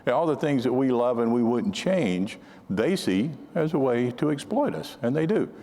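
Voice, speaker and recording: A man's voice: medium pitch, sing-song, normal speed, warm tone, in a large hall. An older man speaking at a conference, telling counterintelligence anecdotes in a conversational way, often restarting his sentences. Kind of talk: storytelling talk to an audience.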